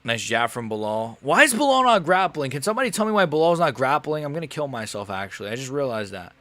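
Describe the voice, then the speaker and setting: A man's voice: medium pitch, fast talker, dry recording. A young man casually commentating a live fight on a stream, swearing and getting worked up, often grumbling under his breath. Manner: casual, swearing, animated and frustrated. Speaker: MMA streamer.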